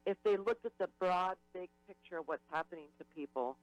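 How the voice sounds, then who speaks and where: A man's voice: high voice, a little fast, poor audio. A man talking as a radio guest, earnest and emphatic. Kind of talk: talk radio discussion.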